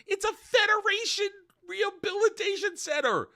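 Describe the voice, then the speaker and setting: Man doing a shrill mocking falsetto mother. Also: moderate pace, bright, forceful tone, heavily acted. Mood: sarcastic panic. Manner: mocking falsetto parody, shrieking. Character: shrill panicked mother, a sci-fi prisoner, woman.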